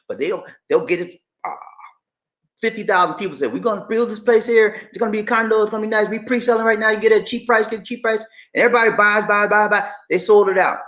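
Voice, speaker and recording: A middle-aged man chats on a live stream in a high, bright voice and answers viewers as he goes. He is emphatic and repeats himself, calling his audience "man" and "y'all". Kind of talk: casual live stream chat reading viewer comments.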